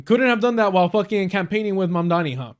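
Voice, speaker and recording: Male streamer, slightly high voice; angry, profane, sarcastic political commentary. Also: expressive, fast talker, clean tone. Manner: profane, sarcastic, angry rants between read-out passages. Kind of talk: livestream commentary reading news.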